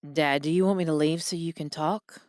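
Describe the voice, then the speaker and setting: A woman's voice: deep voice, steady tone, normal speed, darkish tone, no room sound, studio quality, natural voice. A woman voicing an anxious grown son. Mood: worried.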